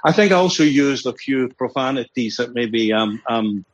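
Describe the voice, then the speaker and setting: An older man with a Glaswegian accent talks in a husky voice, wandering through anecdotes and chuckling at himself. The recording sounds dull and lo-fi. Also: mid-range voice, lively intonation, moderate pace. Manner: rambling, anecdotal, chuckles often, self-deprecating. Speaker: musician guest. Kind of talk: casual interview talk.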